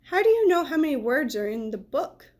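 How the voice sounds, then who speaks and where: A woman voicing a patient, caring mother who gently lectures her young son, in a storybook read-aloud. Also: high-pitched, sing-song, brisk. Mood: gently lecturing.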